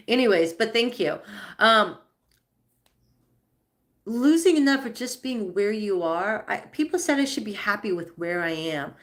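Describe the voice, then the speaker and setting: A woman in her fifties talks openly on a casual livestream, reading out viewers' comments and answering them. Her voice sits slightly high for a woman. She teaches breath work in a plain, personal, animated way. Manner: candid, animated, talking back to viewers' comments.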